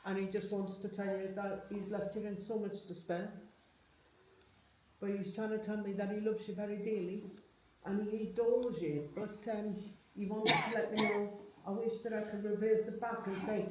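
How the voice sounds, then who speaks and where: Heard from afar in a reverberant room with slight background noise, a female medium chats her way through a live reading, often tacking questions onto her statements for the sitter. She speaks at normal speed in a medium, fairly flat pitch with a slightly mellow quality.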